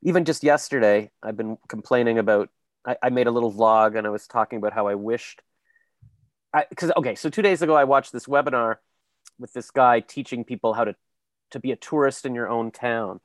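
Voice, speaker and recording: A man's voice: mid-range voice, a little fast, dry recording. A man in casual conversation, telling stories and now and then slipping into character voices. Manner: animated storyteller, slips into character voices. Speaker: voice actor. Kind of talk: casual chat.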